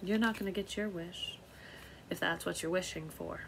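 This middle-aged woman is a tarot reader giving a casual, rambling reading, swearing freely and laughing at herself. Her voice is fairly low and steady at a moderate pace, with background noise behind her.

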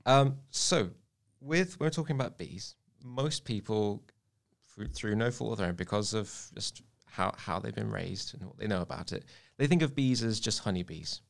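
A man, an entomologist guest, explaining casually in a relaxed, good-humoured way. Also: on the low side, normal speed, vocal fry.

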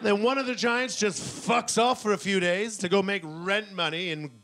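A middle-aged man doing stand-up comedy on stage, rambling and self-mocking, now and then bursting into shouted voices. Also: high-pitched, normal speed, some chatter behind. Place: comedy stage before a laughing audience.

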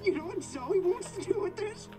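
A man's voice: very high-pitched, animated, moderate pace. An actor playing a sly, taunting young male villain in a video game, with a mocking singsong manner. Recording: game audio over loud music.

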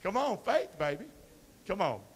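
A man preaching a sermon as pastor, quoting scripture and calling for responses from the congregation, shifting between quiet asides and loud emphatic lines. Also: sits high, sing-song, normal speed, slightly rough. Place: church sanctuary. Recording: long reverb of a hall.

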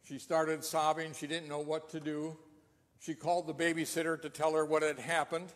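Earnest pastor preaching in a reverberant church. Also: male voice, on the high side, little pitch movement, normal speed. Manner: earnest storytelling with rhetorical questions. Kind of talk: sermon. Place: church sanctuary. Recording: long reverb of a church hall.

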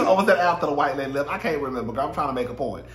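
A man's voice: a little high, lively intonation, racing, a bit bright, reverberant. A man casually recapping a reality show, sassy and profane, laughing often and mimicking the cast. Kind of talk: casual chat.

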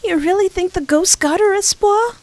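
A woman voicing a timid, easily scared young man for a game playthrough, nervous and soft-spoken. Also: very high-pitched, moderate pace, dry recording, pitched above the performer's own voice.

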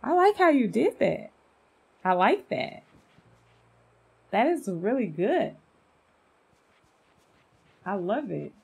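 Slow, husky-voiced woman gushing to viewers. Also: fairly high pitch, big pitch swings, a little mellow. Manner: chatty and gushing, talks to viewers as "y'all". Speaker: game content creator. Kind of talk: casual gameplay commentary.

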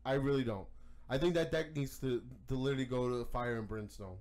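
A man's voice: mid-range voice, brisk, a little mellow. A man co-hosting a card game podcast, ranting heatedly with lots of swearing and stammered restarts. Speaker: podcast co-host. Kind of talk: casual podcast rant.

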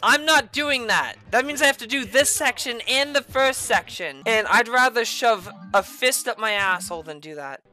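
A woman streaming a video game, raging and cursing loudly at it in heated gameplay commentary. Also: a little high, expressive, moderate pace, hardly any pauses, soft background music. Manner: furious profane yelling at the game. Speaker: gaming streamer.

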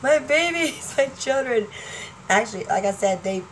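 A woman's voice: a little high, expressive, normal speed, slight background noise, rough recording. A woman in her forties talking casually to her fans in a vlog, rambling between topics and laughing often. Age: 40s. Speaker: vlogger.

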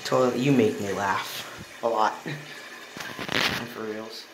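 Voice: mid-range voice, fairly even intonation, takes it slowly, background noise. A channel host giving a rambling, easily amused show-and-tell of a toilet, filmed on a phone in a bathroom. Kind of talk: casual show-and-tell vlog. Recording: echoey room with running water.

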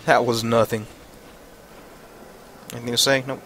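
A man's voice: mid-range voice, little pitch movement, measured pace, a bit bright, slight background noise. A man giving casual, frustrated commentary over his gameplay, swearing and thinking aloud. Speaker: let's play gamer.

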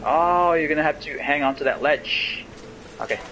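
A young man hosting a let's play, joking and breaking into loud exclamations as he plays. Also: a little high, moderate pace, background noise. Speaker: gaming channel host. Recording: game music playing behind.

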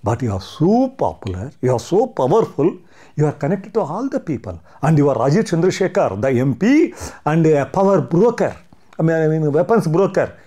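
A man's voice: on the high side, very animated, moderate pace, warm tone, breathy edge. A man with an Indian English accent, giving an impassioned monologue full of indignant rhetorical questions and hesitant restarts. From Karnataka, India. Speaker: commentator.

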